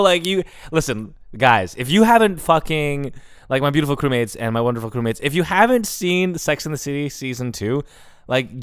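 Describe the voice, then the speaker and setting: A man's voice: medium pitch, smooth, dry recording, studio quality. A man hosting a solo comedy podcast, telling a rambling story with lots of swearing and tangents. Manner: animated, profane, prone to tangents. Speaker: podcast host.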